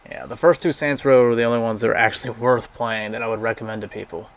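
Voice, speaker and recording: A man's voice: mid-range voice, fairly even intonation, fast. Blunt, swearing young man browsing games. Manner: rambling, profane, blunt opinions. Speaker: gaming vlogger. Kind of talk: casual commentary browsing a game library.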